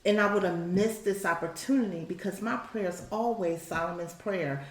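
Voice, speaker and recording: A woman co-hosting a faith-based podcast, chatting casually and telling animated stories. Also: mid-range voice, moderate pace, hardly any pauses, roomy sound. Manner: animated storyteller, voices other people's lines. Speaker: podcast co-host.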